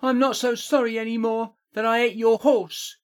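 Brief: man voicing a blunt, high-pitched fantasy companion, matter-of-fact. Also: level tone, moderate pace. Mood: frank. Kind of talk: audiobook character voice.

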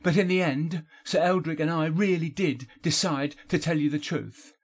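Brief: man voicing a guilty, earnest fantasy hero, husky and a touch higher. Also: moderate pace. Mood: pleading. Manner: pleading, earnest. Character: remorseful young male traitor confessing. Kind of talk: audiobook character voice.

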